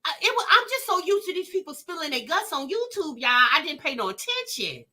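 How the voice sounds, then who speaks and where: A woman hosting a reaction vlog, chatting casually with her live chat in an animated, exclamatory way and often restarting her sentences. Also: extremely high pitch, fairly quick. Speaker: vlog host reacting to a video.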